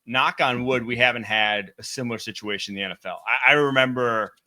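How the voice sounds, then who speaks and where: A man's voice: medium pitch, fairly quick, pushed and bright. A young man from Wisconsin with a Wisconsin accent, co-hosting and chatting casually about football. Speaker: sports analyst co-host. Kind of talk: casual sports chat over video call.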